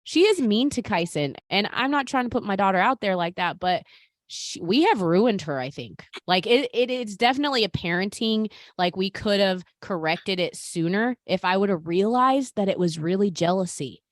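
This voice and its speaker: A woman hosting a podcast in casual chat, animated and talking straight to her listeners. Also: medium pitch, moderate pace, no room sound, clean studio sound. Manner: animated, talks to listeners as "you guys". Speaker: podcast host.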